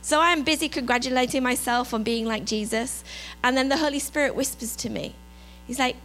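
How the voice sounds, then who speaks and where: A woman with an English accent giving a reflective sermon, softening her voice as she lists God's gifts. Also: a little high, fairly even intonation, brisk, a little hiss or hum, rough recording. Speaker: preacher.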